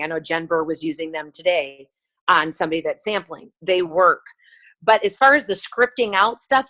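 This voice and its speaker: Chatty woman, lowish voice. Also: low-quality recording. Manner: chatty and animated, acts out dialogue. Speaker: team leader on a sales call. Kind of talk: motivational conference call talk.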